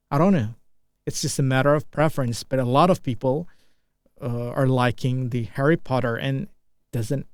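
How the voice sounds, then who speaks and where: Halting Indonesian-accented man practicing English. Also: medium pitch, no room sound. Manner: halting, many restarts and fillers while searching for words. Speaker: English learner. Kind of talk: unscripted speaking practice monologue.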